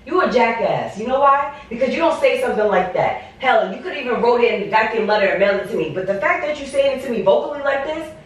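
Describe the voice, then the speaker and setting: A woman's voice: on the high side, expressive, fast talker, few pauses, very echoey, recorded from a distance. A woman vlogger arguing hotly with her partner, cursing and confrontational, in a home setting. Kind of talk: heated prank-video argument.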